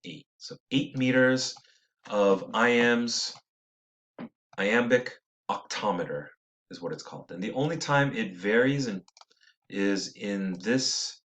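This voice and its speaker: In a lowish voice, a male teacher works through poetry, slowly reading lines with the stresses marked and correcting himself slightly as he thinks aloud.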